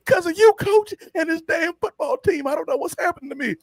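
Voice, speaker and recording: Man doing a young gang kid turned football player, high and strained, emotional. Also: no echo. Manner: high, choked-up, rushed.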